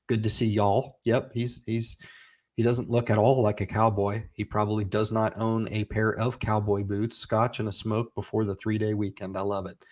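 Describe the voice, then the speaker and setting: Man, forties, livestream host, lowish voice, folksy, exhorting. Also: level tone, moderate pace, a little mellow. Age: 40s. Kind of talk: casual livestream chat reading comments.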